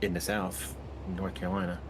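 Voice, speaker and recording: A man's voice: low-pitched, completely flat delivery, brisk, crowd noise. A man chatting while playing a game with a friend, laid-back and a little hesitant. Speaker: co-player. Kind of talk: casual gaming chat. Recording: game sounds under voice.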